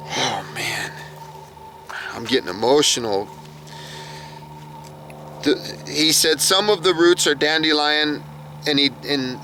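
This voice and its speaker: A man's voice: fairly high pitch, pushed and bright, a little hiss or hum. A man recapping a TV episode from his notes in a chatty, reactive way. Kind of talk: casual recap monologue.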